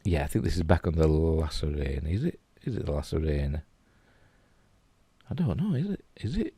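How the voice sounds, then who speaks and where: A man's voice: very deep voice, sing-song, a little fast, warm tone, breathy edge, dry recording. A middle-aged man with a Yorkshire accent, rambling casually and chuckling as he comments on pictures. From England. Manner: chatty, rambling, chuckling asides. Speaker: host.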